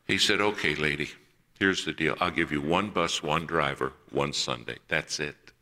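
Male preacher, low and forceful, telling a story from the pulpit and playing each voice in it. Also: normal speed. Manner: acts out quoted voices in a personal story. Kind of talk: sermon storytelling.

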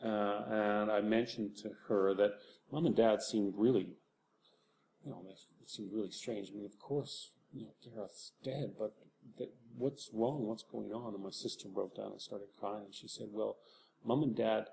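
A man with a dark, mellow and gravelly voice speaks reflectively in an interview. He talks in a soft, halting way, often circling back and restarting his sentences. A faint hiss sits behind him. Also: lowish voice. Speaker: author.

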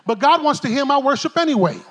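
A middle-aged pastor preaches in a very high voice for a man. His delivery is animated and streetwise, full of jokes and asides. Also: fast talker, slight background noise. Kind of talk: sermon. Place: church stage.

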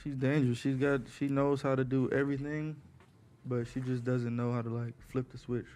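A man gives a rambling, slangy interview answer in casual chat, filling his talk with "like" and "you know". His pitch sits mid-range, and there is faint noise in the background. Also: level tone, fairly quick, a little mellow. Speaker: interview guest.

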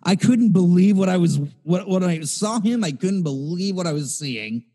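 Animated, swearing man telling a story. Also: high-pitched, normal speed, big-room sound. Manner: animated, profane, rambling. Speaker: podcast co-host. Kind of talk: casual storytelling chat.

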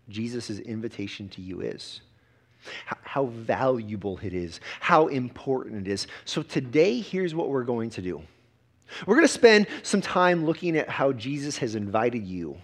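A man, a pastor preaching a sermon with emphatic repetitions and quick restarts. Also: fairly high pitch.

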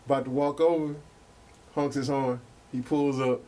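A man hosting a podcast, telling stories in an animated, profane, casual way. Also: mid-range voice, normal speed. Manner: animated and profane, with lots of fillers. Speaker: podcast host.

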